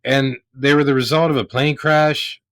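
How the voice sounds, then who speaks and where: A man co-hosting a film review podcast, agreeing easily and dropping quick jokes in casual chat. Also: mid-range voice, steady tone, a bit bright. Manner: joking, agreeable, quick with wisecracks. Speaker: podcast co-host.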